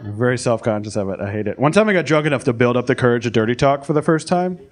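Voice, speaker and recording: A young American man doing a stand-up set, telling stories in a deadpan, self-deprecating way. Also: medium pitch, racing. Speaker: stand-up comedian. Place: comedy club stage, live audience. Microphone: handheld stage mic. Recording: live club with loud crowd laughter.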